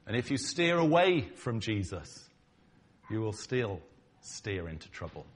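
A man's voice: lowish voice, fairly bright tone, a little hiss or hum. A middle-aged man, preaching a conversational sermon to his congregation, bantering with them and acting out quoted lines. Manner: acts out quoted lines dramatically. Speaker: pastor.

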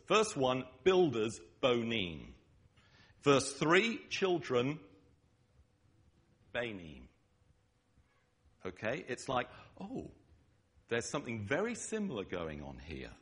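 A man's voice: medium pitch, fairly bright tone. A man with an English accent preaching a sermon, emphatic, often checking in with his listeners with "okay?".

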